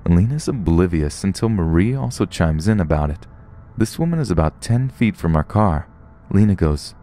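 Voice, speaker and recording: A man with a very low, dark voice narrates scary true stories. His pitch moves a lot as he tells them, rising and falling with the story. The telling is scripted and steady. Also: normal speed. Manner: storytelling, puts on short voices for quoted people.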